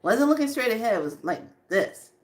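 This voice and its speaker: A woman telling a personal story in a casual, animated way, repeating words as she goes. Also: on the high side, a little fast.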